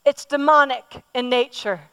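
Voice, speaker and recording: Woman preacher, high pitch, personal and emphatic sermon delivery. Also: measured pace, fairly bright tone, clear, resonant tone. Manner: personal, emphatic, asks the audience questions; repeats words for emphasis.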